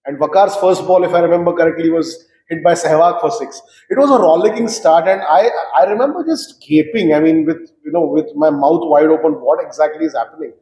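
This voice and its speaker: A man's voice: a little high, fairly quick, few pauses. Man reminiscing in an echoey room. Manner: animated storyteller, frequent fillers. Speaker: cricket guest recalling matches. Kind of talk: reminiscing conversation. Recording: roomy echo.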